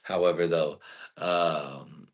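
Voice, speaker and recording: Deep-voiced man on a profane rant. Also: fairly even intonation, takes it slowly. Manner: profane, rambling, trailing into "you know?". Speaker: host. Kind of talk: live-stream comedy rant.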